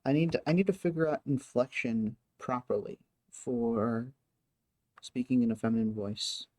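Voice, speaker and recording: A woman's voice: rumbling low, moderate pace, darkish tone, dry recording. A woman streamer chatting casually and hesitantly, full of ums and trailing thoughts. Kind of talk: casual chat.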